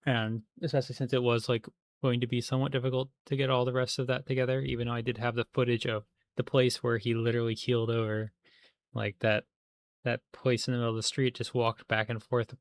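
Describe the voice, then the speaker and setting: Man, livestreamer, casual gaming chat, rambling and full of fillers, monotone, dry close sound. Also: medium pitch, fast talker, no room sound. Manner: rambling, many fillers and restarts.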